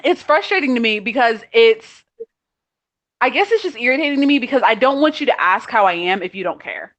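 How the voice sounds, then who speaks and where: A woman's voice: on the high side, expressive, brisk, a bit bright. A woman co-hosting a casual chat over a video call, ranting in an exasperated way with lots of quoted asides. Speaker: podcast co-host. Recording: muffled video call audio.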